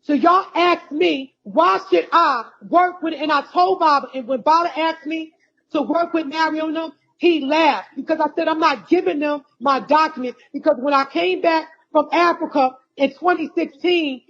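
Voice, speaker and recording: Woman, high pitch, heated ranting monologue, accusatory, calls out to listeners, dull lo-fi recording. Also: moderate pace, a bit bright. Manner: ranting, accusatory, repeats herself and addresses listeners directly. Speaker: vlogger addressing followers.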